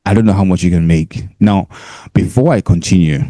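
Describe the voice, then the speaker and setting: A man's voice: sits low, a little fast, dark tone, no room sound. A Nigerian man hosting a casual talk to camera on a handheld mic, chatty and laughing often, repeating points for emphasis. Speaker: host.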